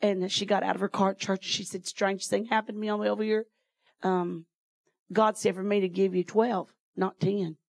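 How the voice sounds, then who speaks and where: A woman's voice: mid-range voice, flat delivery, fairly quick, creaky, no echo. Folksy woman preacher, dry sound. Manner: folksy storytelling, laughing often. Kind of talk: sermon testimony.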